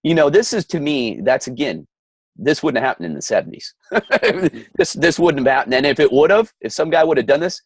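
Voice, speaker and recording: A man's voice: on the high side, very animated, brisk, slightly rough, no room sound. A middle-aged man co-hosting a podcast, ranting heatedly in casual chat with frequent stammering restarts. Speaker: podcast co-host.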